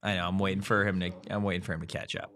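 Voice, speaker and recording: A man co-hosting a sports show with a bright, forceful voice. He needles and teases the others in a dry, casual way. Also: low-pitched, level tone, racing. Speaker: sports podcast co-host. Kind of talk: casual chat.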